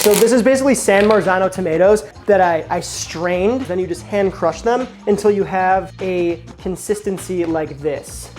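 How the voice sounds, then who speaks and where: Male home-kitchen vlog host, chatty and eager, warm tone, light music bed. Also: high voice, normal speed, hardly any pauses. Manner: enthusiastic, slangy, chatty. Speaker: cooking show host. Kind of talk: casual cooking vlog.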